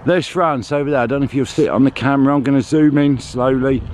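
A family vlogger narrates casually while walking and climbing outdoors through a town and along clifftops, chatting and joking about being out of breath. His mid-range voice is a little mellow and quick-paced, with slight background noise.

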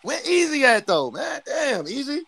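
Brash loud New York man, very high voice. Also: sing-song, normal speed, creaky. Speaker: guest. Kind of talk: heated livestream trash talk.

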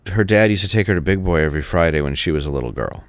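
A man telling a story in casual studio chat, halting and repeating words, quoting people as he goes. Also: low voice, expressive, dry recording. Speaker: show regular telling a story.

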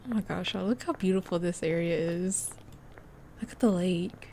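A chatty woman giving casual commentary as she plays a life-sim game. She talks excitably, gushing over what she sees, and breaks into laughs often. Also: lowish voice, moderate pace, a little hiss or hum. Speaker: let's play host.

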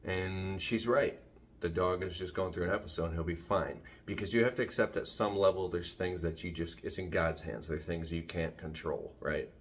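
Deep-voiced man rambling into a phone. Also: moderate pace. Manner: rambling, jumps off topic, many restarts. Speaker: vlogger. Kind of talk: casual rambling vlog. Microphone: phone camera.

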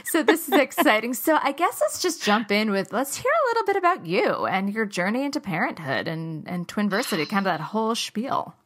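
A woman hosting a podcast interview, excitable and laughing while she talks. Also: a little high, a little fast, few pauses. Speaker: podcast host and yoga teacher.

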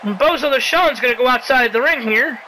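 High, bright, excitable game commentator. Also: brisk, a little hiss or hum, low-quality recording. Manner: excitable, pleads with the characters and yells at big moves; sarcastic asides and mild swearing. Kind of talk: playful play-by-play commentary of a wrestling video game.

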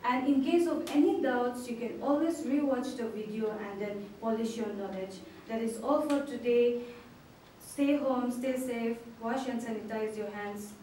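A woman's voice: fairly high pitch, mellow, slight background noise. Woman teacher, echoey room from far off. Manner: slow, clear, syllable-stressing delivery. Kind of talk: online class lesson.

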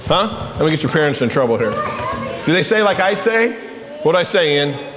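A man leading a children's lesson in church as pastor, animated and asking the children questions. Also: on the high side, a little fast, crowd noise. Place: church sanctuary. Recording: echoey church hall.

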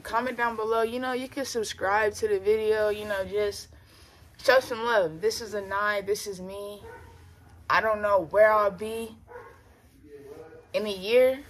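A woman's voice: medium pitch, a little hiss or hum. Young woman vlogger, emotional faith testimony, casual and repetitive, near tears, bedroom. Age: young adult. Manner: earnest, repeats phrases, casual slang and fillers. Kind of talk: personal faith testimony vlog. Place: her bedroom.

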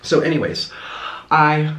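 A man's voice: a little high, expressive, a little slow, a bit bright. A young man hosting an eating show, chatting casually and rambling between bites at home. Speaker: mukbang host. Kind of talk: casual chat while eating on camera. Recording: roomy echo.

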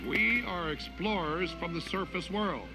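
An actor playing a cool, menacing middle-aged mercenary commander in an animated film. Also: male voice, high voice, unhurried, over music. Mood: smooth. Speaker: expedition commander.

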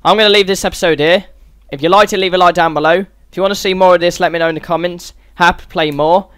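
Male let's-play host, slightly high voice, sweary and exasperated, dry close sound. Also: fairly even intonation, fast talker, a bit bright, smooth, dry recording. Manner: sweary, exasperated running commentary. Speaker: gaming channel host. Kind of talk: let's-play game commentary.

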